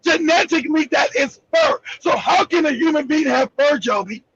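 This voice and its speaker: Loud high-voiced ranting male host. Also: moderate pace, lo-fi sound. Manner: loud, profane, shouting rants and animated retelling. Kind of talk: heated live broadcast talk.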